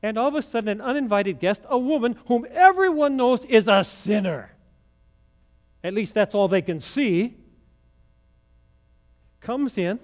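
Male pastor, higher voice, storytelling sermon with chatty asides. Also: expressive, measured pace, long pauses. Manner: storytelling, conversational asides to the congregation.

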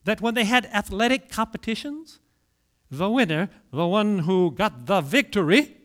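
In a high and animated voice, this man preaches through storytelling, building drama with pauses and sudden shifts in volume.

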